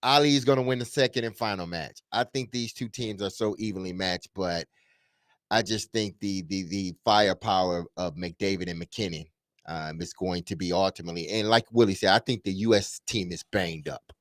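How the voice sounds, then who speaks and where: Lower voiced sports guy, brash and joking, close dry mic. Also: normal speed, dry recording. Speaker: sports talk co-host. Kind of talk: casual sports talk.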